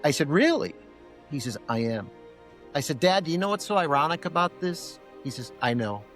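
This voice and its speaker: A man's voice: fairly high pitch, fairly quick, soft background music. A middle-aged man, a podcast guest, telling a personal story and acting out both sides of a remembered conversation. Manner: animated, acts out both sides of remembered dialogue.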